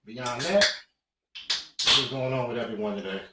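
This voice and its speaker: A man hosting a casual podcast, laid-back and quick to laugh, teasing his co-hosts. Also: mid-range voice, animated. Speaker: podcast host. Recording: roomy room, mic at a distance, faint noise.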